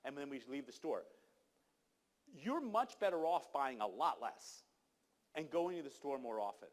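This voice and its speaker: A man's voice: mid-range voice, very animated, measured pace. A man giving an emphatic, exhorting talk at a conference, speaking to the audience directly. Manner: emphatic, exhorting, acts out quoted people. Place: conference hall.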